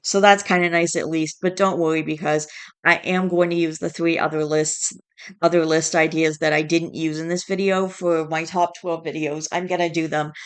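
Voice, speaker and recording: A woman's voice: sits low, little pitch movement, moderate pace, clean tone. A woman vlogging in a casual chat, stressed and tired, fighting back yawns and restarting her sentences as she rambles.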